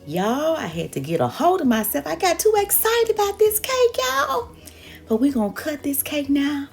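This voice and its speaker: A woman's voice: high voice, huge pitch swings, moderate pace, vocal fry, faint music behind. An older woman hosting a cooking demonstration, exuberant and folksy, talking straight to her viewers. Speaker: cooking show host.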